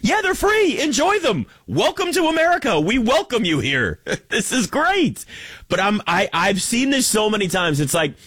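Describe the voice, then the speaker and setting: A man's voice: high-pitched, very animated, normal speed, a bit bright, husky, no room sound. A man giving an opinionated sports talk monologue, wry and joking as he rants. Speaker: sports commentator.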